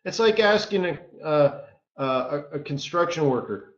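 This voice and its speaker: A man's voice: a little high, lively intonation, unhurried. A man coaching traders in a live-streamed lesson, talking in a casual, joking way and often tossing in "right?". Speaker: trading coach. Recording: roomy, dull lo-fi stream audio.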